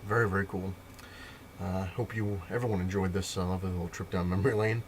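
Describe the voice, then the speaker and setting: A man's voice: sits low, fairly even intonation, quick pace, slight background noise. A man, telling a rambling, filler-heavy story to camera in his own casual vlog. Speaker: comic collector vlogger.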